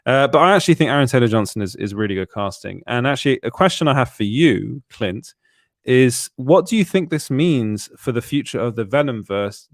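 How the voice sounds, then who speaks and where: A man's voice: on the low side, no echo, clean studio sound. A man co-hosting a film podcast, talking with enthusiasm and frequent restarts. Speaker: podcast co-host. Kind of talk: casual chat about films.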